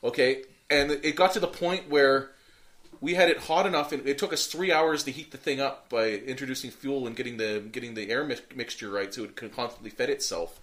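A man's voice: medium pitch, a little fast, a bit bright. A man telling a long, rambling story in casual chat, full of fillers, restarts and swearing.

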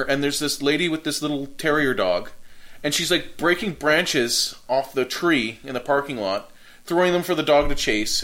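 A man telling a story in a casual podcast chat, acting out the people in it with animated retellings. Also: on the high side. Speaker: podcast co-host, security guard.

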